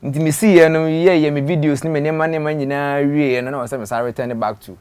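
A man with a Ghanaian accent telling his story in an interview, dropping to quiet trailing phrases and slipping in English words. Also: a little high, steady tone, fast talker, clean tone. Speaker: interview guest.

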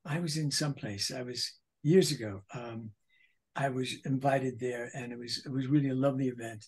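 A man in his eighties, a voice actor guest, telling animated anecdotes in a casual interview, with frequent restarts. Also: mid-range voice, normal speed, husky. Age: 80s.

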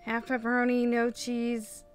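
A woman hosting a casual let's play, chatting excitably and exclaiming as she plays. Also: a little high, a little slow. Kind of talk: casual gameplay commentary. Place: home, in daytime.

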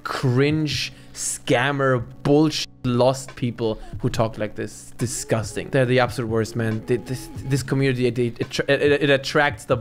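A man's voice: mid-range voice, fairly even intonation, measured pace, few pauses, soft background music. Blunt, cursing man reacting to clips. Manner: blunt, scornful, swears freely. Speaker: reaction streamer. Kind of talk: casual reaction commentary.

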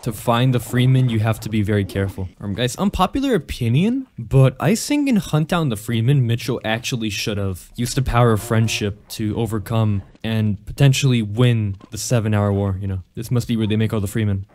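A man giving casual, joking commentary over gameplay. He laughs often and mixes sarcastic mock praise with excited outbursts. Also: lowish voice, fairly quick, hardly any pauses, slight background noise.

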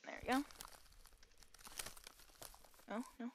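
A woman giving casual, excitable let's-play commentary, chatting to herself and her audience as she plays. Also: takes it slowly, a little hiss or hum. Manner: excitable, chatty, talks to herself while playing. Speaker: gaming channel host.

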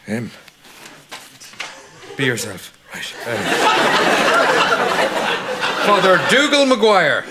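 A simple irish priest, sing-song and high, hissy tv audio. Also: male voice, wildly swooping pitch, extremely slow, pauses often, a loud crowd, full character voice. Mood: clueless. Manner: naive, blurting, simple-minded. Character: dim, innocent young Irish priest. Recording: noisy TV sitcom audio.

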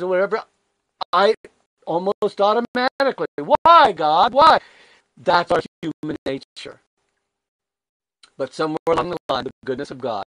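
An older man with a slightly high voice, recorded with no room sound, preaches a conversational devotional sermon. He's emphatic, candid and self-deprecating, filling his talk with rhetorical questions.

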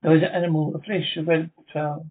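A man's voice: a little high, little pitch movement, fast talker, lightly acted. A man reading the part of a worried, baffled doctor, with a flustered, stumbling delivery. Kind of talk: amateur script reading. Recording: tinny phone-like sound.

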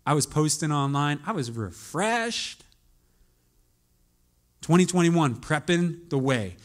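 A male pastor preaching with a voice set somewhat high for a man. He shifts from soft, reflective storytelling to raised, urgent exhortation, pushing the congregation to respond. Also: takes it slowly. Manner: animated preaching, builds from quiet musing to loud urging. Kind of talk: sermon.

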